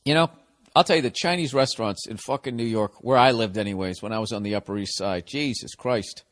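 A man's voice: fairly low pitch, fairly quick. A man in his forties from the United States hosting a podcast, rambling through a casual solo monologue full of swearing and wisecracks. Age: 40s. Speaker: podcast host.

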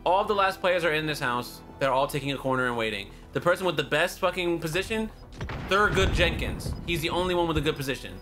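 A young gaming YouTuber with a high-ish voice talks fast over background music while watching someone play a shooter game. His commentary is casual and profane as he trash-talks and barks repeated warnings at the player.

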